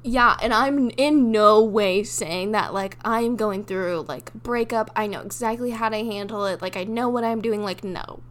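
A woman's voice: medium pitch, normal speed, hardly any pauses. A young woman co-hosting a podcast, chatting candidly and rambling with self-mocking humor. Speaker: podcast co-host. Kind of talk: casual chat.

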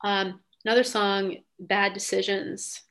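A woman's voice: medium pitch, level tone, a little slow, a bit bright. A young adult woman hosting a podcast in casual chat, talking enthusiastically with frequent "um" and "like". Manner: enthusiastic, lots of "um" and "like". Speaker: podcast host.

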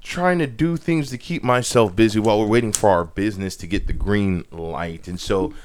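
A young man hosting a podcast, chatting casually with an expressive, sing-song delivery. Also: fairly low pitch, moderate pace, a little hiss or hum. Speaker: podcast co-host. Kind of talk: casual chat.

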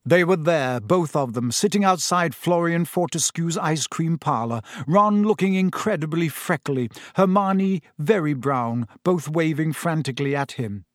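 A man's voice: fairly high pitch, a little slow, hardly any pauses, dry recording. Man reading a story aloud, dry close sound. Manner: steady storytelling. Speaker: audiobook narrator. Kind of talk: scripted narration.

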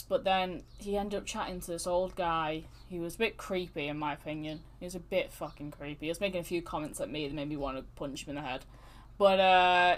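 A woman hosting a podcast, telling stories in casual, animated chat with plenty of swearing. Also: fairly low pitch. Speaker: podcast host.

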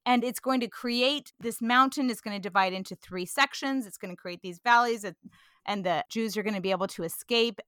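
A woman from California talking earnestly about scripture in a casual discussion, animated and quick to laugh. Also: mid-range voice, dry recording, studio quality.

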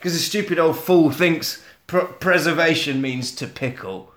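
Bright-voiced man recapping crudely. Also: a little high, moderate pace. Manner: crude, animated storytelling. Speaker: podcast co-host. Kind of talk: comedic film recap. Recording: roomy echo.

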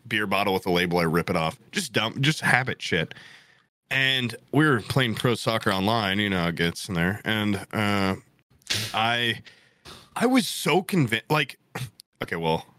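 A young man telling a story in casual chat, animated and jokey, swearing often. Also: on the low side, no room sound, studio quality.

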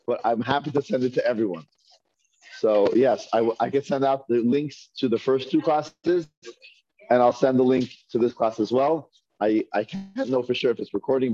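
A man's voice: medium pitch, mellow, no room sound, lo-fi sound. A man teaching a Hebrew reading class, patiently sounding out syllables one by one for his students. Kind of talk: classroom lesson. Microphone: earpiece mic.

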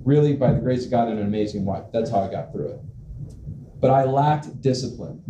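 A man in his forties preaching a humorous sermon as pastor, animated and self-mocking, with comic asides. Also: medium pitch. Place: church sanctuary. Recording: echoey church hall with room noise.

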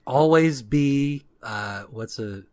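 A podcast co-host chatting casually about a show, adding dry jokes and quick impressions of characters. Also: medium pitch, a little mellow. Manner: joking, dry asides. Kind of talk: casual recap chat.

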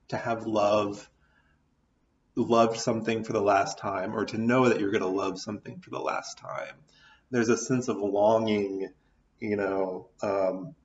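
A man's voice: lowish voice, recorded from a distance. A man with an American accent giving a recorded audio lecture, thoughtful and loose, with many ums and restarts. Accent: American English. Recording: dull, roomy, mic set back.

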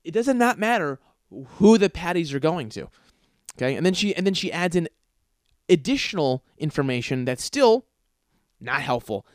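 Man, podcast host, comedic rant, fairly high voice, dry, exasperated, swears constantly. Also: very animated, normal speed, dry recording. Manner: exasperated, profane, ranting.

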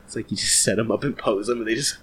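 A man's voice: lowish voice, quick pace, a bit bright, slight background noise. A man co-hosting a casual podcast, laughing often and swearing freely. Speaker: podcast co-host.

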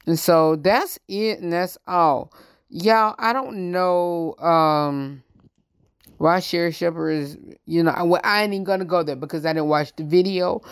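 A man hosting his own show, chatting through celebrity news slowly and haltingly, with frequent ums and uhs. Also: a little high, clear, resonant tone, dry recording, studio quality. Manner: halting, many ums, slow and careful. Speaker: show host. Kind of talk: casual celebrity news chat.

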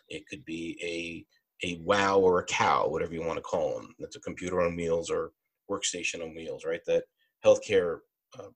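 A man co-hosting a podcast, talking through a technical topic in a thoughtful, halting way with many restarts. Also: on the low side, slightly rough. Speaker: podcast co-host. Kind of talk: casual technical discussion.

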